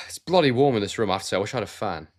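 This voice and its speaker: Relaxed low-voiced man chatting on a stream. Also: quick pace. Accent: neutral southern English, no regional trace. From Scotland. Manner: relaxed, chatty, addresses viewers as mate. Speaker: boxing commentator and live stream host. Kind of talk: casual live stream chat reading comments. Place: warm room at home.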